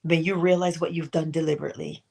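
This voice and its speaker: A middle-aged woman hosts a morning inspirational livestream, giving a motivational talk in which she asks pointed questions and makes playful asides to herself. Her voice is low and gravelly with a darkish tone, and she talks fast in a level tone.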